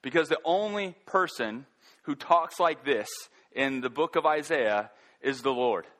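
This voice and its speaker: A man delivers a sermon in an earnest, halting way, often circling back to restart a thought. His voice sits a little high and sounds bright and forward. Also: expressive. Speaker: pastor.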